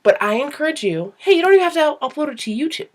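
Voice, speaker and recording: Rambling young woman vlogger, higher voice. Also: quick pace. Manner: rambling, animated, self-deprecating. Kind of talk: casual storytelling to camera.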